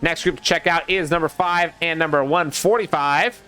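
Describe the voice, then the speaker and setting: Young guy calling an online race live, kinda high voice, gets hyped and chats with the viewers. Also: normal speed, smooth. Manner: excitable, chatty, talks to co-caster and chat. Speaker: race caster. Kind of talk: live sim racing commentary.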